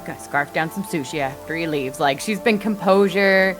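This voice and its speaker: A woman playing a tabletop game, talking in an animated, rambling way. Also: on the low side, music in the background. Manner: animated, rambling, quick to laugh. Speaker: player. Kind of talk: casual tabletop play.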